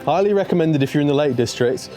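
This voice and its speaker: A man's voice: on the high side, expressive, fast, warm tone. A young man talking casually to the camera as he fishes and hikes by a lake, chatty and self-mocking, often talking to the fish. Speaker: outdoor vlogger. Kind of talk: casual talk to camera while fishing and hiking. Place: outdoors by a lake. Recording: music playing behind the voice.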